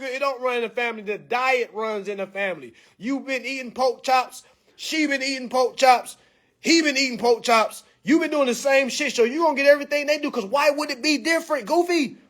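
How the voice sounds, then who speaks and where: A man's voice: very high voice, a bit bright. A man delivering a blunt, profane, preachy rant in a monologue. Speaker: vlog commentator. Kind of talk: ranting monologue.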